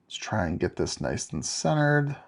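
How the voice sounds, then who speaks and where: A young man with a medium-pitched, sing-song, somewhat creaky voice talks at a moderate pace. He hosts a live-stream card-making tutorial, chatting upbeat with viewers and addressing them by name as he works.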